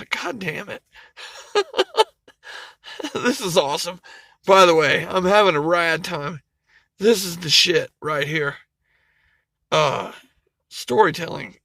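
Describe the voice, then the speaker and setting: Emotional, swearing man with a bright voice. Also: sits high, creaky, dry recording. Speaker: YouTuber. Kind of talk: casual emotional comic retelling.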